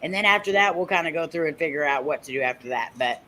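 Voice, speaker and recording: A woman's voice: deep voice, animated, fast talker, pushed and bright, poor audio. Chatty woman hosting a live panel. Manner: chatty, laughs while telling stories. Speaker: host. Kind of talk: casual chat on a live stream panel.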